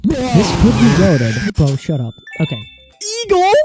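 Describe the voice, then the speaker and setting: A woman streamer chatting excitedly and giggling through casual gameplay commentary. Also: sits low, a little slow, loud music behind the voice.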